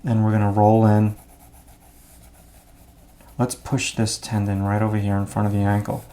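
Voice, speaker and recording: A man explaining his drawing steps out loud as he works, in a relaxed, thinking-aloud way. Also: on the low side, moderate pace. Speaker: art instructor. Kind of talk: drawing demonstration.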